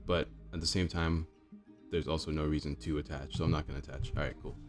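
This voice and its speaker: Young guy w a hoarse groggy low voice, rattling off card game commentary fast, chatty, faint music behind. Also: steady tone. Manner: chatty, thinks aloud with fillers. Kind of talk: casual gameplay commentary.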